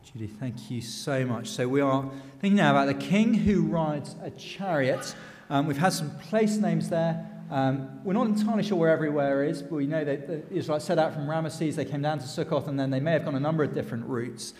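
A man giving a lively storytelling sermon in church. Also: on the high side, a little fast, in a large hall, a little hiss or hum. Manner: lively, animated retelling. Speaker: church speaker.

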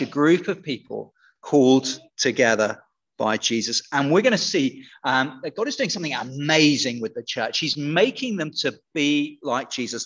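A man's voice: on the high side, a bit bright, lo-fi sound. A man preaching an all-age sermon, playful and interactive, chatting with children.

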